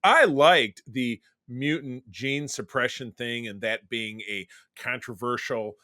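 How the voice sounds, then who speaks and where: A man's voice: medium pitch, slow, sharp tone, no echo, studio quality. A man co-hosting a podcast, chatting casually about a film, rambling and restarting his sentences. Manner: rambling, self-interrupting, trails into summaries. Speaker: podcast co-host. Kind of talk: casual movie discussion.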